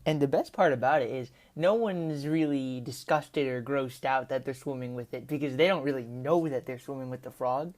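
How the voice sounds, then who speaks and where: A woman's voice: rumbling low, moderate pace, few pauses, a little mellow. A woman telling a rambling, casual story over gameplay as a commentator, with lots of "like" and "right?". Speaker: gaming commentator.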